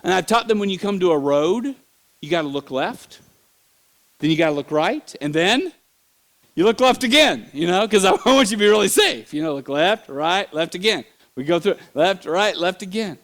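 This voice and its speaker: A middle-aged man preaching in a church, telling stories with animated bursts, sudden shouts and laughter. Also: high voice, moderate pace. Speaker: pastor. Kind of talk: sermon.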